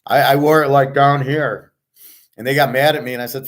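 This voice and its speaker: A man's voice: mid-range voice, fairly even intonation, brisk. A man from the United States hosting a casual monologue, blunt and profane as he rants. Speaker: podcast host.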